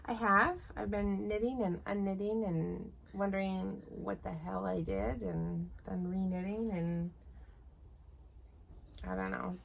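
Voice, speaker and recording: A woman's voice: medium pitch, slow pace, gravelly. A middle-aged Canadian woman co-hosting a knitting podcast, chatting casually with wry, grumbling humor. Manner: wry, grumbling, animated storytelling. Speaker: podcast co-host. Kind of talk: casual chat. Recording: faint background noise.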